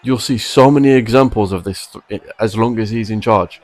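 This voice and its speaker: A man's voice: fairly low pitch, moderate pace, dry recording. A man delivering a frustrated, emphatic opinion rant to camera about wrestling. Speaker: wrestling commentary vlogger.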